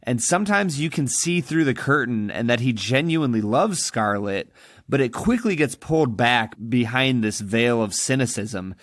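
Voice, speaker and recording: A man's voice: mid-range voice, lively intonation, normal speed, dry recording, clean studio sound. A man co-hosting a podcast, talking about a film in an emphatic, opinionated way. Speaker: podcast co-host. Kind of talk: casual film discussion.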